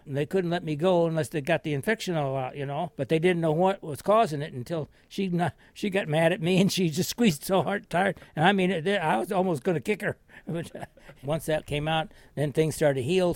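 An older man recounts his wartime recovery in a meandering, folksy way, often breaking into soft chuckles. His voice sits somewhat high for a man. The sound is close and dry, with no room around it. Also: a little fast, no echo. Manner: rambling, chuckling, folksy storyteller. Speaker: war veteran recounting his service. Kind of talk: oral history storytelling.

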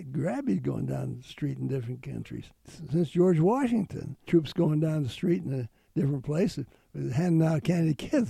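An older man telling a wartime story in an interview, earnest and halting with restarts. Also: on the high side, creaky, dark tone, slightly rough, no echo.

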